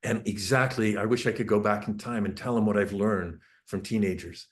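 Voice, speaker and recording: A man's voice: lowish voice, steady tone, fairly quick. A man giving a parenting talk over a shared screen, telling family stories with earnest, restarting speech. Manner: storytelling, acts out family dialogue. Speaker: parenting speaker.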